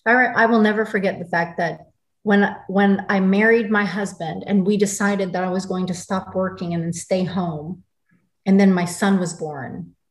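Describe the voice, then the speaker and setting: A woman's voice: medium pitch, fairly even intonation, moderate pace. A woman in her forties from the United States, a guest in an interview who tells her story in an angry, intense and blunt way. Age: 40s. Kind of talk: emotional interview. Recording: roomy echo.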